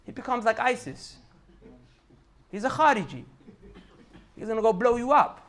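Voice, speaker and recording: A man's voice: very high voice, lively intonation, moderate pace, a bit bright. A man giving a casual religious reminder talk, talking in everyday slang and pressing his listeners with emphatic rhetorical questions. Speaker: Islamic preacher.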